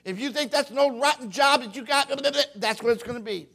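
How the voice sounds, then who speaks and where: High-voiced folksy preacher. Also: male voice, fast, gravelly. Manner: folksy, animated, acts out quotes. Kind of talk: sermon.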